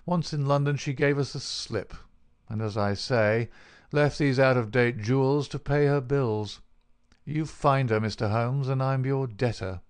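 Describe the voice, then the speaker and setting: A man's voice: mid-range voice, unhurried, clear, resonant tone, natural voice. A man voicing a big, bald, unctuous male swindler in an audiobook, his talk oily and mocking. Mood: smooth, dismissive. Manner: oily, made-everything-easy talk. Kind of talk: audiobook character reading.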